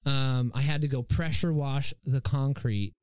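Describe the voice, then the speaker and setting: A man's voice: medium pitch, measured pace, clean tone, dry recording. A young man chatting casually on a podcast, telling a story with lots of swearing and acted-out quotes. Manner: animated, swears a lot, acts out quotes. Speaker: podcast co-host.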